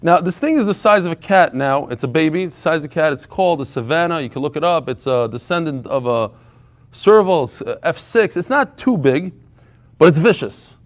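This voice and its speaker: A man leading a live Talmud class before a small audience, telling stories in a lively way and mixing in Hebrew and Yiddish terms. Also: a little high, fairly quick. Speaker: Talmud teacher.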